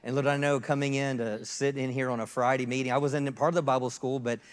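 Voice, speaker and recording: A man in his fifties, the host pastor, introducing a guest speaker in a halting way with restarts. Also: mid-range voice, level tone, in a large hall. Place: church sanctuary.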